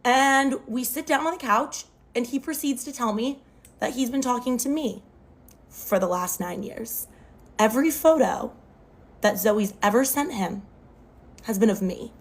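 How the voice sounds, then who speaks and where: Expressive young woman telling a storytime. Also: on the high side, unhurried. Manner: expressive, animated retelling with lots of "like". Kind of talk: casual storytime. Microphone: phone.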